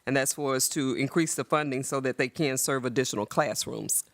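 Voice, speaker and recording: A man's voice: mid-range voice, fairly quick, a bit bright. Man presenting grant items to a board. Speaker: staff presenter.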